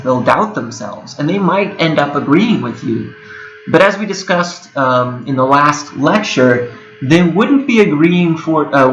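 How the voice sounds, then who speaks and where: Bright-voiced young man lecturing in an echoey room. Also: mid-range voice, dull audio. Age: 20s. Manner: conversational, with frequent fillers and self-corrections. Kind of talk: recorded video lecture. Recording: echoey room with a whirring hum.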